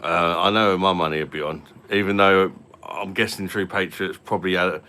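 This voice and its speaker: Very deep-voiced man, forceful. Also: fairly even intonation, normal speed. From London. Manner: rambling, chatty, full of fillers and repeats. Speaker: live-stream host. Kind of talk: casual live-stream chat.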